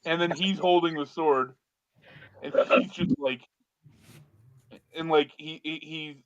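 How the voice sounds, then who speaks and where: A man's voice: mid-range voice, clean tone, highs cut off. Man narrating as game master. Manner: restless, full of restarts.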